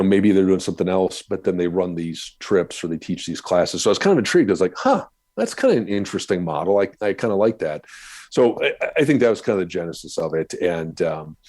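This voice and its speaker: A man's voice: deep voice, darkish tone, dry recording. A middle-aged man from the Upper Midwest, a canoe guide and blogger, talking casually as a podcast guest, rambling and self-deprecating with many restarts. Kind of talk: casual interview talk.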